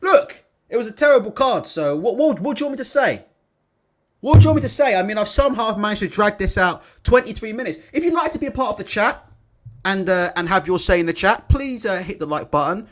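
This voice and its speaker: A livestream host, a man, talks in a high voice with pitch that swings all over the place, his intonation lively and his pace a little fast. He's blunt and sweary, breaks into laughter, and reads viewers' comments aloud in a loose, chatty manner.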